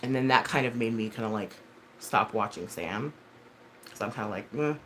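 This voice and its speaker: A woman's voice: very deep voice, moderate pace, fairly bright tone, a little hiss or hum. A woman in her thirties hosting a live stream, chatting casually with viewers in a rambling, blunt and heavily profane way, full of fillers and self-corrections. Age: 30s. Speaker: livestream host.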